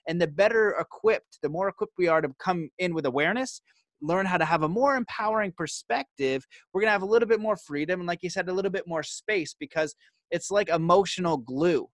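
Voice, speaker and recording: A man's voice: high-pitched, fairly quick, a bit bright, no echo. A man hosting a podcast, talking in an earnest, explanatory way with hesitant restarts. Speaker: podcast host. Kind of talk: casual interview conversation.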